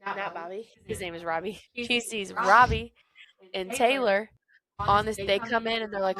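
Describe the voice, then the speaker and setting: A woman co-hosting a book chat podcast, her voice sitting at an ordinary middle pitch. She recaps scenes in a lively, laughing way and slips into little acted-out quotes. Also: normal speed. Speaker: podcast co-host. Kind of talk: casual book-discussion chat.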